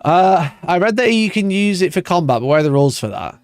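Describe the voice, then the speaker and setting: A man's voice: high-pitched, very animated, fast, smooth, no echo, soft background music. A man hosting a wargaming live stream, ranting in mock outrage and swearing as he reads and reacts. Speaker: wargaming channel host. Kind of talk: casual live-stream chat.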